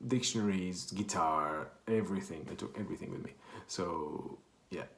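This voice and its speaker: In an echoey room, a Portuguese man with a Portuguese accent tells a rambling casual anecdote, correcting himself as he chats. His voice sits low and fairly bright, moving at a moderate pace, with a little hiss or hum in the background.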